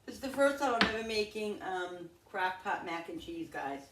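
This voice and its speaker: Middle-aged woman, chatty home-cooking vlogger, heard from across a roomy kitchen with steady noise behind her. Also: medium pitch, normal speed. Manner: chatty, thinks aloud, addresses viewers as guys. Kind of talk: casual chat while cooking. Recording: echoey, distant, noisy kitchen.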